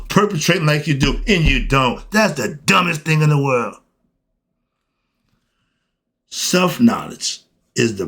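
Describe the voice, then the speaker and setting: A man's voice: fairly high pitch, a bit bright. A man giving a blunt, emphatic spiritual monologue in casual slang, asking questions and answering them himself. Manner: emphatic, asks and answers his own questions; colloquial, blunt. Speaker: host.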